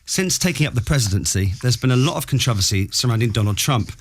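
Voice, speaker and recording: A man's voice: medium pitch, lively intonation, quick pace, husky. A man hosting a radio comedy game, teasing and upbeat in studio banter. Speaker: radio show host. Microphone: studio mic.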